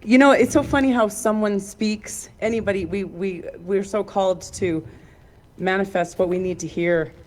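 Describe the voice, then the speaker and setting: A woman's voice: medium pitch, normal speed. A woman speaking emotionally and chattily to the congregation before leading a song. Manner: emotional, warm, chatty with fillers. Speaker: singer and song leader. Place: outdoors. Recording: clear instrumental music behind.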